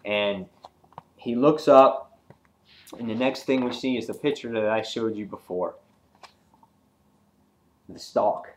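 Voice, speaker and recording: Excitable rambling man reviewing comics. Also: medium pitch. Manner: excitable, rambling, frequent fillers and restarts. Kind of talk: casual video review.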